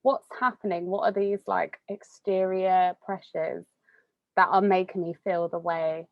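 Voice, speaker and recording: A young woman, chatting casually as an interviewee, full of fillers and quick laughs. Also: lowish voice, fairly even intonation, creaky, no echo, highs cut off. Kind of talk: casual conversation.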